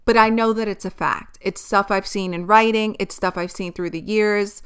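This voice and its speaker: A woman's voice: medium pitch, steady tone, normal speed, a bit bright, smooth. A young adult woman influencer giving blunt, profane, exasperated commentary in a casual vlog.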